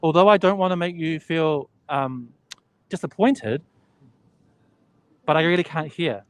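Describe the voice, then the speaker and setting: A man with a slightly raised pitch walks through an enormous indoor exhibition hall on a live stream. He films on a handheld phone and chats loosely with his viewers. He laughs easily and wonders aloud about what he sees. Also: a little slow, clean tone. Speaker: vlogger touring an expo. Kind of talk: casual live walking tour. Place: huge indoor expo hall.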